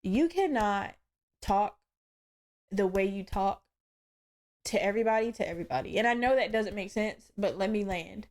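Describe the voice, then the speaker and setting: A woman's voice: mid-range voice, moderate pace, pauses often, a little mellow. A young woman hosting her own podcast, telling a story in a chatty, profane way and laughing as she goes. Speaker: podcast host. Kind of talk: casual storytelling monologue.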